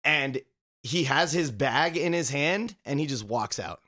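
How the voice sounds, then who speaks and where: A man's voice: mid-range voice, expressive, a little slow, bright, forceful tone, no echo, clean studio sound. Rambling male podcast storyteller. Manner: rambling, filler-heavy storytelling. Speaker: podcast co-host. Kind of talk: casual anecdote telling.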